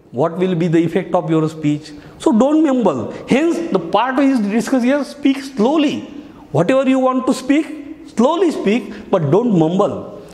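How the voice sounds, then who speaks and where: A male teacher giving a lesson on speech writing, explaining each step and repeating key phrases. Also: very high-pitched. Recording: echoey hall.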